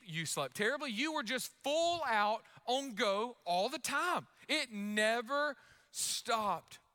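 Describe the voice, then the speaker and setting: Young male pastor, high bright voice, loud energetic sermon delivery.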